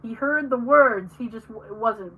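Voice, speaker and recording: A woman's voice: a little high, unhurried, phone-quality sound, a little hiss or hum. A woman hosting a podcast, telling stories in casual chat and acting out what family members said. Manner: animated storyteller, acts out family members. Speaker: podcast host.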